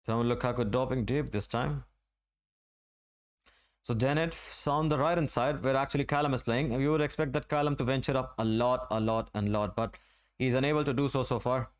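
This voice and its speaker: Smooth-voiced man doing live football commentary. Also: mid-range voice, fairly even intonation. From Asia. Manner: running play-by-play, conversational and unhurried. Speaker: streamer. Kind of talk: live match watch-along commentary.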